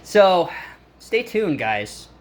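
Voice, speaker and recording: A man's voice: sits high, sing-song, very slow. A man from the United States talking in a rambling home vlog, urgent and emphatic, repeating himself and stumbling through restarts. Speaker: home vlogger. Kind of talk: rambling self-filmed vlog. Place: inside his own home.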